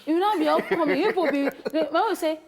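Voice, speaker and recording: A woman co-hosting an entertainment show, telling animated stories with laughing asides. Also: very high voice, fast. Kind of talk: casual studio chat. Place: TV studio.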